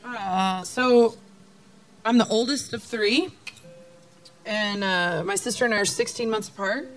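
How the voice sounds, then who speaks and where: A woman's voice: medium pitch, a little slow. A woman, a guest singer-songwriter telling casual, rambling stories with frequent laughs and tangents. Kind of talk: casual conversational storytelling.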